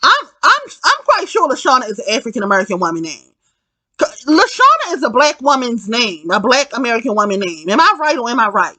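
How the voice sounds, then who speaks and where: A woman talks through a film's plot in a loose, rambling recap, swearing and turning to her viewers with "right?" and "y'all". Her voice is bright and forceful. The sound is dry and close, with no room echo. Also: fairly high pitch, wildly swooping pitch, a little fast. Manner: rambling, profane, keeps asking "right?" and addressing "y'all". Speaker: film reviewer. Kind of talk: casual film recap.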